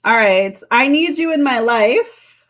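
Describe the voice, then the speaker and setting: A woman's voice: a little high, expressive, slow pace, fairly bright tone. A woman doing a live tarot reading, chatting casually with viewers and reading card messages aloud. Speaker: tarot reader.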